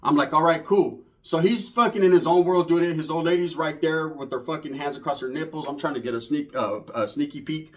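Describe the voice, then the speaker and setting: A man's voice: fairly high pitch, fairly quick, hardly any pauses, darkish tone. A man telling a rambling, profane street story in casual slang, full of asides. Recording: voice from far off the mic.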